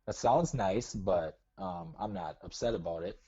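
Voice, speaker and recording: Low, mellow-voiced man grumbling on a dull line. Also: unhurried, slightly rough. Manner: grumbling, self-deprecating. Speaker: caller. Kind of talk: casual chat.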